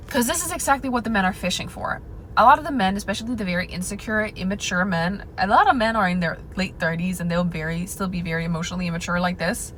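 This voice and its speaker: A woman's voice: medium pitch, fast, a bit bright, slight background noise, rough recording. A young woman giving dating advice straight to her viewers in a sassy, confiding way, calling them girl and honey. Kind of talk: direct-to-camera advice monologue.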